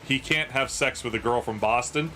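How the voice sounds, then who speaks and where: A mid-range, bright and forceful voice belongs to a man in his thirties hosting a sports card auction stream at a moderate pace. He keeps the chat casual, joking profanely and laughing hard at his own stories amid slight background noise.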